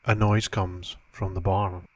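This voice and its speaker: A man narrating a children's adventure story in a calm, steady way. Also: low-pitched, measured pace.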